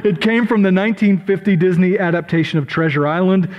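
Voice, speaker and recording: A middle-aged man preaching from the pulpit, his voice sitting high for a man. He talks in a chatty, self-deprecating way, wandering into asides and saying sorry as he goes. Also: fast, dull audio. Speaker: pastor. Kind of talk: sermon.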